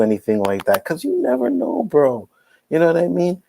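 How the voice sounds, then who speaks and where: A man's voice: fairly low pitch, very animated, a little fast, gravelly, a little mellow, a little hiss or hum, low-quality recording. A man co-hosting a podcast in casual chat, laid-back, full of "you know what I mean" and "bro". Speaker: podcast co-host.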